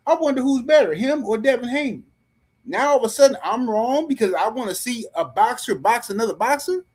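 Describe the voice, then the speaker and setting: A man with a high, husky voice hosts a live stream and rants about boxing. He talks heatedly and in slang, speaking straight to his viewers. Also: expressive, a little fast.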